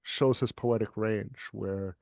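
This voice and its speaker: A poet, a man with a lowish, darkish voice and vocal fry, reads a poem emphatically and rhythmically over a video call at a livestream event, speaking slowly with fairly even intonation. Afterward he chats casually about the poem. There's no room sound.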